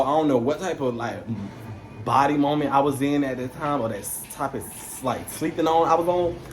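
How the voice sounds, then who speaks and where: A young man casually telling a story to camera, animated, slangy and swearing freely. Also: medium pitch.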